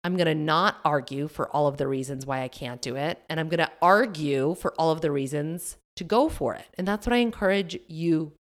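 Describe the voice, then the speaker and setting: A woman hosting a solo business podcast, chatty and animated, often acting out her own inner voice with fillers and laughs. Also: sits low, a little fast, few pauses. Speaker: podcast host and business coach.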